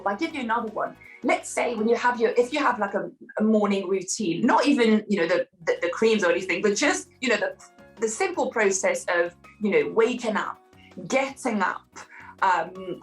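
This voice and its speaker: A woman's voice: medium pitch, poor audio. A woman French teacher being interviewed, talking enthusiastically with many "you know" fillers and frequent laughs. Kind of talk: casual interview conversation.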